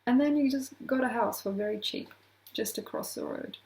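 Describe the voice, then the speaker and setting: A woman's voice: on the high side, normal speed, vocal fry, darkish tone, rough recording. A woman astrologer talking casually to camera, rambling from point to point with laughing asides.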